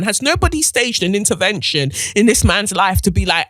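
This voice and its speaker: A woman's voice: mid-range voice, big pitch swings, brisk, few pauses, fairly bright tone, no room sound. A woman hosting a podcast, giving outspoken, profane, slang-filled commentary. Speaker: podcast host.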